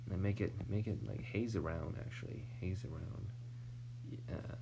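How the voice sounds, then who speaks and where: An American artist streams while drawing, thinking aloud in a low, creaky voice at normal speed. He mumbles, trails off into near-whispers and drops self-deprecating asides. Background noise is present.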